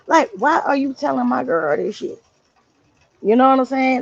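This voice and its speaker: A woman hosting a livestream, telling a story in a casual, slangy, animated way. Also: sits high, normal speed, gravelly, no room sound, muffled recording. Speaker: livestream host. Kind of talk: casual chat.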